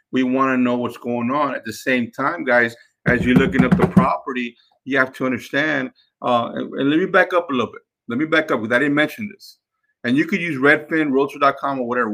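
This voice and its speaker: Gravelly man teaching. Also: mid-range voice, bright, forceful tone. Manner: emphatic, repeats himself, addresses listeners as guys. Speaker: podcast host and sales trainer. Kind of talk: instructional talk.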